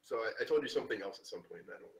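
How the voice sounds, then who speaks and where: A man running a tabletop game as game master, rambling with many fillers and throat-clearing. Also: lowish voice, lively intonation, rapid-fire, echoey room, poor audio.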